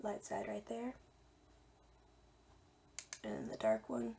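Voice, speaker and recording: A young woman talks through her makeup routine in a relaxed, chatty way, her voice a little hoarse and gravelly. Her tone sits low and mellow. A faint hum of noise runs behind her. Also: slow pace. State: slightly hoarse. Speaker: beauty vlogger. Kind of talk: casual makeup tutorial.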